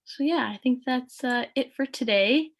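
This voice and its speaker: A woman from Thunder Bay, Canada, teaching a beginners' language lesson, patiently repeating each phrase slowly, with frequent "um" and "uh". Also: sits high.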